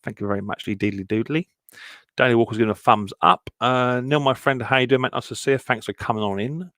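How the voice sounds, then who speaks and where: A man's voice: mid-range voice, fairly even intonation, a little fast, a bit bright, dry recording, studio quality. Chatty man greeting his stream. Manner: chatty, greets viewers one by one, many ums. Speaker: live stream host. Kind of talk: casual live-stream chat.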